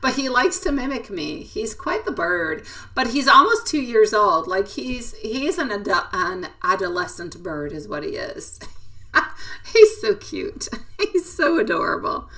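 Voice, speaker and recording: A woman's voice: medium pitch, sing-song, unhurried, bright, forceful tone, far from the mic. A woman giving a live tarot reading, chatting in a giggly, affectionate way and addressing viewers by name. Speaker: tarot reader.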